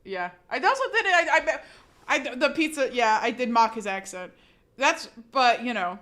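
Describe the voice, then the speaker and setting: A woman streamer chatting casually with her viewers, animated, laughing often and swearing freely. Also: a little high, moderate pace. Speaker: live streamer.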